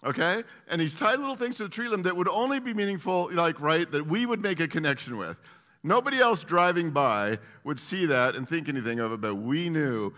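A man giving a casual, animated Bible teaching, with lots of fillers and restarts. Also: a little high, a little fast, big-room sound.

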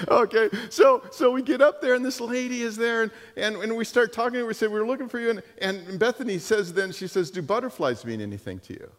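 A man preaching a sermon and telling stories, animated and full of restarts and repeated words. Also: high-pitched, fairly quick, few pauses. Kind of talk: sermon with storytelling. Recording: long hall reverb.

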